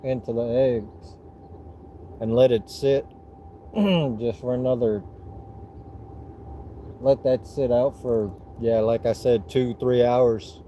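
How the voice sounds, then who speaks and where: A middle-aged man with a Southern US accent, chatting casually on a fishing livestream in a relaxed, rambling way with frequent restarts. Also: medium pitch, takes it slowly, pauses often, slight background noise, poor audio.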